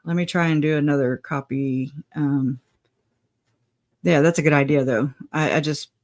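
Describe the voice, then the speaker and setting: A woman's voice: low-pitched, steady tone, moderate pace, darkish tone. A woman hosting a casual livestream, chatting, laughing often and greeting viewers by name. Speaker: livestream host.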